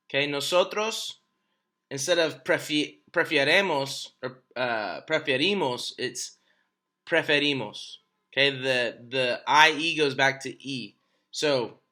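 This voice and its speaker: Bright-voiced man teaching a class. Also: medium pitch. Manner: chatty, hesitant with many ums and restarts. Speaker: Spanish teacher. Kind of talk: recorded remote lesson. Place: home at night.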